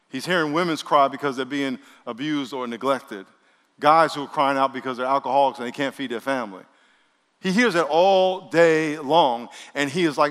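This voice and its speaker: A male pastor preaching a sermon, leading the congregation in call-and-response and swinging between loud bursts and quiet asides. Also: fairly high pitch, long reverb tail. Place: church sanctuary.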